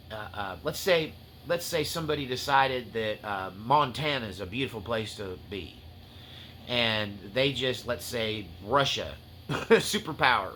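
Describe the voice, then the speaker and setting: Preaching about spiritual warfare, this man speaks in a mid-range voice with impassioned fervor, climbing toward near-shouts and tearful intensity, then dropping into loose, joking asides. A little background noise can be heard.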